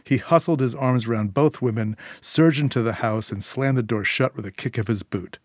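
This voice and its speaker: Guy narrating a short story, measured and tense, dry close audio. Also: mid-range voice, a little mellow, dry recording.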